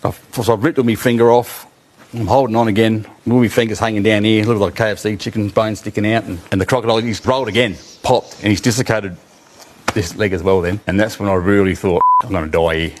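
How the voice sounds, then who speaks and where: A man with an Australian accent, telling a story from his own life in an animated, colloquial way and often laughing. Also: fairly low pitch, quick pace, a little hiss or hum.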